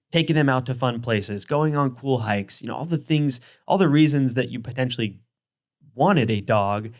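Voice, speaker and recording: A young man talks through dog training advice in a relaxed, conversational way. His pitch sits in the middle of the usual male range. He pads his points with fillers and often restarts his sentences. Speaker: dog training video host. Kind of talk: casual advice talk.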